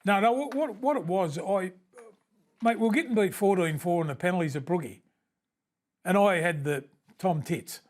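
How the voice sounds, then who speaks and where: Older Aussie bloke, guest on a podcast, high-pitched, animated storyteller who laughs a lot. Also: male voice, normal speed. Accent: Australian. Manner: animated storyteller, laughs often, calls everyone mate. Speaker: podcast guest, former rugby league player. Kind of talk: casual chat.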